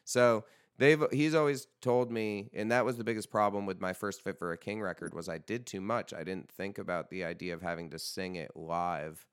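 A young man with a deep, smooth voice hosts a casual podcast chat. He rambles, swears freely and jokes around. His voice is recorded close and dry. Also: fairly even intonation, moderate pace, no room sound. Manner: rambling, profane, loose and joking. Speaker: podcast host and band vocalist.

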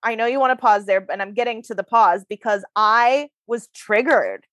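A woman's voice: fairly high pitch, normal speed, fairly bright tone, dry recording. A woman co-hosting a podcast, telling a long story in a chatty, swearing, laughing way. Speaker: podcast co-host. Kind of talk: casual chat.

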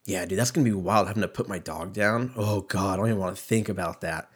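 A man's voice: low voice, fast, breathy edge. A young man hosting a solo podcast, rambling in a profane, self-mocking way as he talks. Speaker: podcast host. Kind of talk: casual solo podcast rant.

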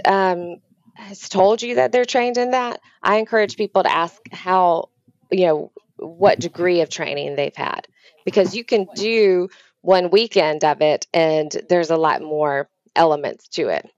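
A woman's voice: lowish voice, unhurried, a little mellow, no room sound, muffled recording. A woman therapist giving explanatory advice over a video call, with frequent ums. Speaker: therapist guest. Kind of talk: remote interview conversation.

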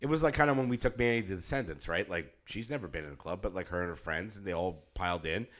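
A middle-aged man with a somewhat low voice, co-hosting a podcast. He talks in a loose, rambling way and swears freely. He sounds tired. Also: quick pace, fairly bright tone. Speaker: podcast co-host. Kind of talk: casual chat.

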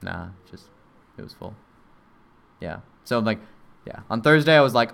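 A young man chatting casually, telling an animated, rambling story with many fillers and mimicking people in high voices. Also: moderate pace, vocal fry. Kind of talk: casual chat.

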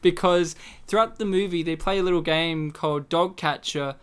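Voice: medium pitch, moderate pace, a bit bright, smooth. Teasing, sarcastic podcast host. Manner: teasing, sarcastic and laughing often. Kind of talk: casual movie commentary chat.

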